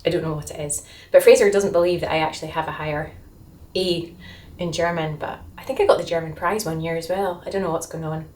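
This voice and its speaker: A woman with a Glasgow accent chats her way through a travel vlog in a fairly low voice. She tells her stories in a friendly, self-deprecating way. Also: steady tone, quick pace, darkish tone. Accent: Glaswegian Scottish. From Scotland. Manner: chatty, self-deprecating storyteller. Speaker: vlogger on a motorbike tour.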